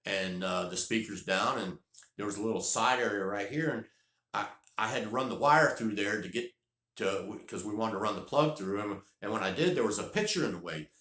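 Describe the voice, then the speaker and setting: A man's voice: on the low side, echoey room. Folksy man telling a story. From North Carolina. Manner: folksy, rambling, repeats words when excited. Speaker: vlogger. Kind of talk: casual storytelling.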